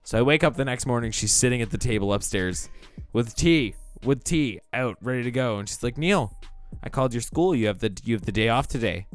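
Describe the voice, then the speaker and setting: Animated, swearing young man telling a story. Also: medium pitch, a little fast, soft background music. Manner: laughing, profane, animated storytelling. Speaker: podcast co-host. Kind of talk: casual storytelling chat.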